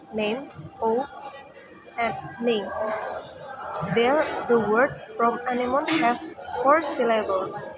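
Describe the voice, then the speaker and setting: A young woman from Indonesia, a university student giving a class presentation, reading slowly with halting restarts. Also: a little high. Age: young adult. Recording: loud crowd noise behind.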